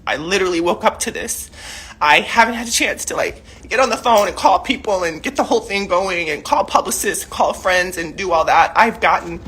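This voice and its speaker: Husky, low-voiced middle-aged woman, emotional. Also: lively intonation, a little fast, fairly bright tone. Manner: emotional, heated and rambling with many fillers. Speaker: mother speaking out publicly. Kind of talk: emotional direct-to-camera statement. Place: her own living room, indoors. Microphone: self-recorded camera video.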